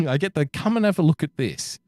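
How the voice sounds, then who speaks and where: A man's voice: a little high, moderate pace, dry recording, clean studio sound. An Australian man co-hosting a podcast, telling a profane story in casual chat and acting out the quotes. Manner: profane, animated anecdote-telling with acted quotes. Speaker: podcast co-host. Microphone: podcast microphone.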